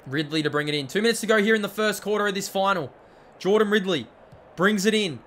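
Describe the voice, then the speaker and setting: A young man, commentating his own football video game as he plays, often yelling at the players and talking to himself. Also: sits high, quick pace, a little hiss or hum. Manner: excitable, shouts at the play, talks to himself. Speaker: gaming channel host. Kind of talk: let's-play commentary.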